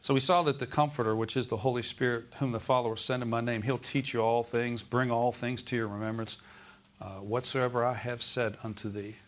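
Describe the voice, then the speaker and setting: A man's voice: medium pitch, flat delivery, fairly quick. A male pastor preaching a Sunday sermon in a church, often calling out "Amen?" and "Okay?" to the congregation.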